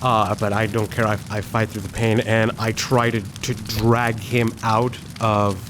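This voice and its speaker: A man's voice: fairly low pitch, flat delivery, measured pace. Guy playing tabletop, lots of ums, noisy mic. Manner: hesitant, many fillers. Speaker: player. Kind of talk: casual tabletop play. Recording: noisy background.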